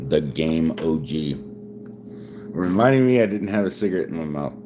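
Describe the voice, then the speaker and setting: A man in his forties talks casually to his live-stream viewers in a very low voice that swings widely up and down. He rambles, stumbles over repeated words and laughs often, loosened up by whiskey. A faint hum of noise sits behind him. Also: animated, normal speed. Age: 40s. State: drinking whiskey while talking.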